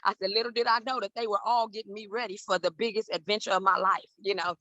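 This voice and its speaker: A woman in her fifties from Southern California, telling stories in an interview and acting out every voice with big jumps in pitch. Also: fairly even intonation, fast talker, pushed and bright, no room sound, muffled recording. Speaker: guest, celebrity hair stylist. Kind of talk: animated storytelling in an interview.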